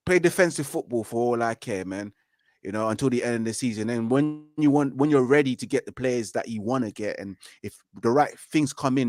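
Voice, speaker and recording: A man's voice: mid-range voice, a little mellow, dry recording, studio quality. A man, debating football in a casual fan chat over a video call, emphatic and repetitive. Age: 30s. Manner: emphatic, repeats "you know" and "man". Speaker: football fan show co-host.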